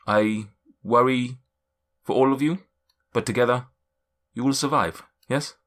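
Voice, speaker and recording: A man voicing a friendly male cloud giant in a put-on German accent, speaking slowly and solemnly and asking "yes?" after each point. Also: medium pitch, a bit bright, natural voice. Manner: slow, solemn, ends lines with "yes?". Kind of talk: tabletop game character voice.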